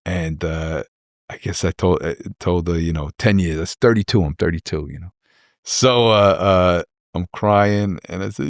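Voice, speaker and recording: A man's voice: deep voice, sing-song, normal speed, dry recording, clean studio sound. A man in his forties, a rapper guest telling rambling personal stories in a casual interview, repeating words and acting out what people said.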